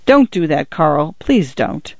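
A man's voice: on the high side, big pitch swings, slow pace, gravelly, a little mellow, no room sound, highs cut off, exaggerated voice. A man voicing a firm, stern ranch mother in a storybook reading.

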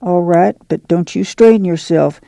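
Give me a man putting on a brisk, determined farm mother. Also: high voice, gravelly, warm tone, no room sound. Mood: firm, urging. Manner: plainspoken rural dialect.

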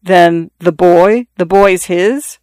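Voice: medium pitch, fairly even intonation, moderate pace, dry recording, lightly acted. A narrator voicing a shy, earnest young peasant man who speaks hesitantly and plainly.

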